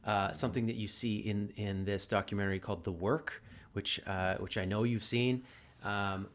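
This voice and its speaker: A man hosting a podcast conversation, speaking reflectively and haltingly, often repeating words as he gathers his thoughts. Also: on the low side, steady tone. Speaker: podcast host. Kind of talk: casual conversation.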